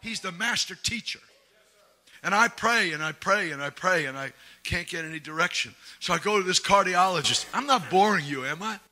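A middle-aged man preaching a sermon, folksy and humorous, moving from quiet storytelling to shouted exhortation. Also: high-pitched, lively intonation, normal speed.

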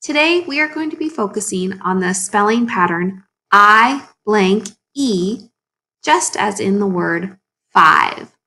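Slow, gravelly-edged teacher sounding out words. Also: female voice, medium pitch, animated, sharp tone. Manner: encouraging, questions to young pupils. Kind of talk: phonics lesson for children.

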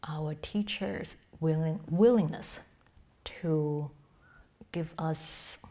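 A middle-aged woman teaching a Buddhist dharma talk in a low voice. She speaks haltingly, restarting her sentences, and her voice often sinks to a soft, breathy near-whisper. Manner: halting, with many restarts and fillers.

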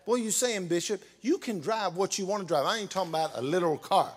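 A man preaching a sermon as pastor, emphatic and often shouting. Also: high voice, quick pace. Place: church sanctuary. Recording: reverberant church hall.

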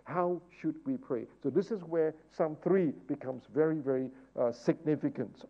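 A man teaching a Bible study in a sermon style, asking rhetorical questions and moving from hushed asides to loud, fervent exhortation. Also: a little high, normal speed, muffled recording. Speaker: pastor leading Bible study.

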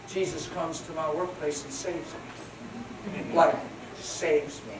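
Male pastor preaching from a distance, very echoey church hall, audible room noise. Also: high voice. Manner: plain-spoken, swings between hushed and loud. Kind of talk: sermon.

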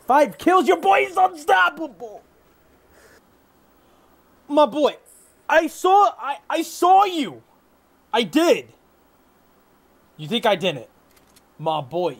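A young man calls out his own gameplay with a very high, bouncy voice that swoops up and down. He takes his time with the words, bragging and hyped, and breaks into yells when things go his way. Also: animated, takes it slowly, long pauses. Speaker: gamer. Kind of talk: live gameplay commentary.

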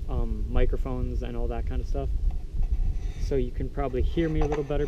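A man's voice: mid-range voice, warm tone, muffled recording, a little hiss or hum. A teenage boy rambling in a self-deprecating way as he vlogs outdoors at a scout camp. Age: teens. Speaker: vlogger. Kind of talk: casual vlog chat.

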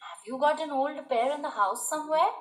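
A woman doing a hushed, kind young child. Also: high voice, fast, close to an everyday voice. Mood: concerned. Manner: hushed, confiding. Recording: roomy, distant mic.

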